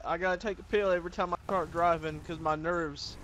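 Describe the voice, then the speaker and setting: A man's voice: fairly high pitch, steady tone, fairly quick, a bit bright, a little hiss or hum, close to an everyday voice. A man role-playing a jittery, rowdy redneck who wants to recruit people into his gang, talking in a folksy way. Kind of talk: video game role-play.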